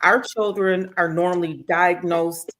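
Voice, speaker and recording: A woman's voice: fairly low pitch, unhurried, a little hiss or hum, poor audio. A woman hosting a streamed interview show, reading out viewer comments and telling stories with playful mimicry. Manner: animated storyteller, playful mimicry. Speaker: host.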